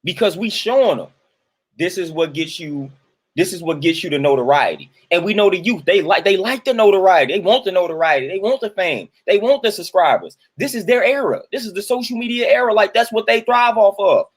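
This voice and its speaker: Guy w aave ranting his take, repeats himself a lot, kinda high voice. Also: expressive, brisk. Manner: repetitive, preachy, emphatic. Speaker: commentator. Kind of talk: casual opinion monologue.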